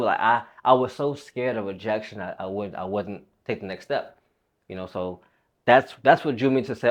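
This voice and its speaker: A man's voice: fairly low pitch, a little fast. A young man and fitness coach telling a personal story in a loose, rambling, casual way, swearing freely.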